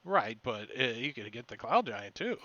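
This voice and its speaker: A man acting as game master in a casual online tabletop session, thinking aloud with halting restarts. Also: mid-range voice, sing-song, pushed and bright, no echo, muffled recording.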